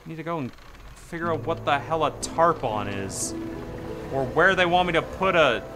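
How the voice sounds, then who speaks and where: A man's voice: fairly high pitch, animated, normal speed, over music. A man streaming a fishing game, chatting casually to himself and swearing, talking back to the characters on screen. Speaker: gaming streamer. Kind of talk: casual gameplay commentary.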